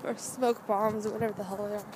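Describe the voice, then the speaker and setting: A young woman, a daughter, talking casually at home with drawling, low-key replies. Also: little pitch movement, quick pace, darkish tone, slight background noise.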